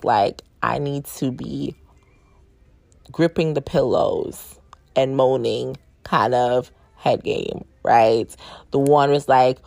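A woman's voice: deep voice, vocal fry, darkish tone, no echo. A woman hosting her own podcast and telling a story in a frank, profane, casual way, laughing often. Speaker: podcast host and sex coach.

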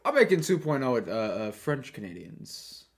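A man's voice: mid-range voice, very animated, moderate pace. Skeptical man needling his co-host. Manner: skeptical, needling, plays devil's advocate. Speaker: podcast co-host. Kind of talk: casual wrestling review chat.

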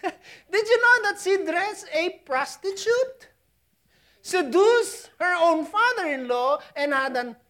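A woman from the Philippines with a Filipino accent preaching a sermon, swinging from loud emphasis down to hushed near-whispers and chuckling at her own asides. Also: high voice.

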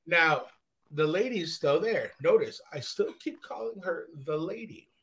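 A man's voice: a little high, a little slow. A man from Canada, hosting a podcast, telling a profane story casually and acting out the scenes. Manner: profane, animated, acts out scenes. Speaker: podcast host.

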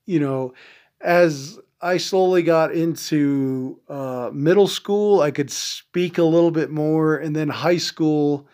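A man from the Navajo Nation hosting a veterans podcast, telling stories in a casual, rambling way with lots of swearing and pauses to search for words. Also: a little high, darkish tone. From Navajo Nation, American Southwest. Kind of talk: casual storytelling.

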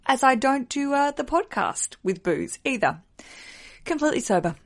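A woman, co-hosting a podcast in a chatty, candid way that swears freely and gets higher when she is excited. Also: moderate pace. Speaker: podcast co-host. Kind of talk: casual chat.

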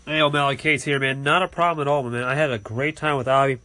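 Upbeat man hosting call-in shout-outs. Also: mid-range voice, fairly even intonation, quick pace. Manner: friendly, repetitive sign-offs. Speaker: podcast host reading call-ins.

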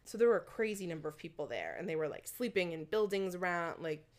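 Chatty young woman, slightly low voice. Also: lively intonation, fast. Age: young adult. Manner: chatty, many likes and ums, laughs while telling. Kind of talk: casual chat.

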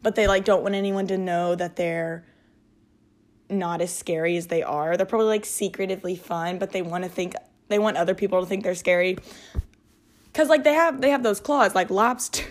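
A woman's voice: on the low side, moderate pace. A woman hosting a casual solo podcast, rambling and giggling, with lots of filler words. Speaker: podcast host.

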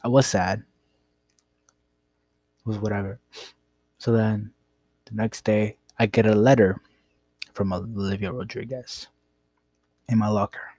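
A man's voice: lowish voice, steady tone, measured pace, pauses often, a little mellow, no echo. A young man casually telling a rambling, profane story about his past. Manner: rambling, profane, laid-back.

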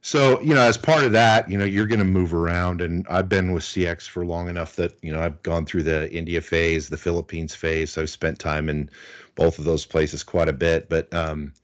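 A middle-aged man from the United States, a guest in an interview, tells chatty anecdotes packed with fillers. His deep voice keeps a fairly even intonation at a moderate pace, and the sound is lo-fi.

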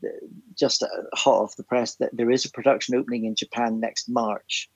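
A man talks in a relaxed, anecdotal way as a podcast guest. His voice has a gravelly, slightly husky grain. The recording is dry and close. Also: medium pitch, fairly quick, no room sound, dull audio. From Ireland. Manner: chatty, anecdotal, many restarts and ums. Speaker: guest, theatre writer and composer. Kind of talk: casual podcast interview.

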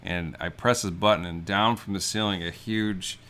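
Low voiced guy rambling through silly stories, bright sharp tone, faint background hum. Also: steady tone, moderate pace. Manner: rambling, absurd storytelling with fillers. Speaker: podcast co-host. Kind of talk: comedic casual chat.

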